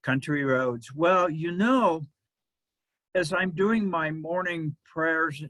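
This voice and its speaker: A man with a fairly high voice preaches in a slow, deliberate rhythm. He lets his phrases settle with pauses between them. His voice is close and dry, with no room sound. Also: a bit bright, no echo. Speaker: minister. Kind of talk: sermon.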